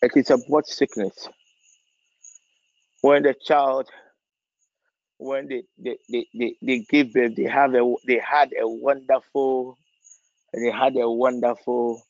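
A man leading a prophetic prayer session as pastor, pleading fervently and repeating phrases, rising to near shouts. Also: mid-range voice, no room sound, highs cut off.

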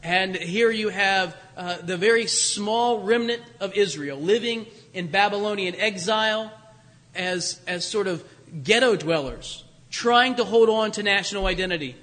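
A man's voice: high-pitched, measured pace, pushed and bright, in a large hall. A man preaching a conversational sermon to his congregation, lifting his voice for emphasis. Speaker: pastor.

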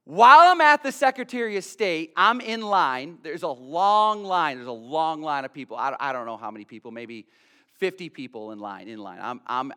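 A man preaching a sermon as a pastor, telling a story in an animated way and often stammering and repeating his words. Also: lowish voice, smooth.

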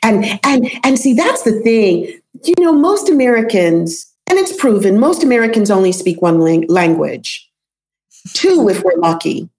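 A woman's voice: mid-range voice, big pitch swings, unhurried, darkish tone. Emphatic New York woman coach. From New York City. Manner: emphatic, repeats herself for stress. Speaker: voice and accent coach, author. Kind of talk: interview guest, passionate talk.

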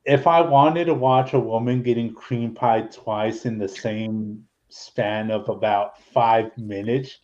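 Slow-talking annoyed man host, lo-fi. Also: lowish voice, fairly even intonation, a little mellow. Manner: annoyed and profane. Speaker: podcast host. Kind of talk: casual chat.

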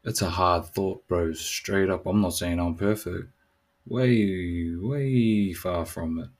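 A man's voice: deep voice, a little slow. A man, hosting a solo podcast in a laid-back, slangy way that turns reflective. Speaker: podcast host. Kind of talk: casual solo podcast chat.

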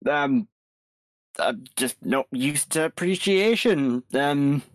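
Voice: mid-range voice, expressive, slow, no echo. A player in an online tabletop game, talking hesitantly and stammering in character. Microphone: voice chat microphone.

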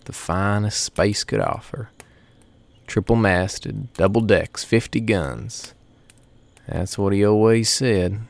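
A man narrating a first-person story in a folksy, unhurried way. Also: fairly low pitch.

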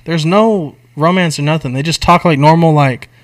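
A young man chats casually on a podcast, recounting a film plot with lots of swearing and slang. His delivery is animated and jumps between quiet asides and loud emphasis. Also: fairly high pitch, normal speed. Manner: animated, profane storytelling with slang. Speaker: podcast co-host. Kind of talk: casual chat, retelling a movie plot.

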